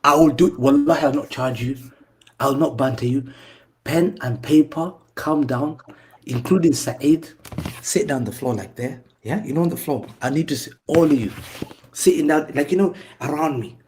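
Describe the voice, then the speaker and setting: A man's voice: fairly high pitch, normal speed, a little mellow, slight background noise. A man on a football panel, mocking his rivals with repetitive taunts in heated banter.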